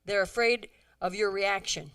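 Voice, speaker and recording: A middle-aged woman giving a humorous talk to a church audience, animated and chatty, acting out bits of dialogue. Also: mid-range voice, a little slow, clean tone. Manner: animated, acts out quoted dialogue, chatty asides. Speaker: women's conference speaker.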